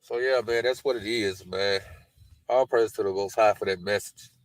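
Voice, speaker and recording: A man with a lowish voice hosts a podcast, reading scripture aloud and then veering into loose, colloquial commentary, often slipping in "man" and "you know." He talks at a normal speed. The recording is dry and the audio quality poor.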